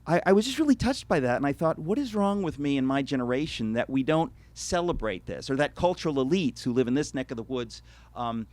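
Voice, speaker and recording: A man's voice: mid-range voice, a little mellow, no room sound. A middle-aged American man giving an earnest, reflective talk as an author before an audience, with frequent restarts and wry asides. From United States. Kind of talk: lecture to a live audience.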